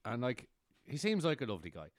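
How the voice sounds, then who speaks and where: A man's voice: medium pitch, wildly swooping pitch, fast talker, no echo, clean studio sound. A man in casual chat, recommending TV shows and groping for names.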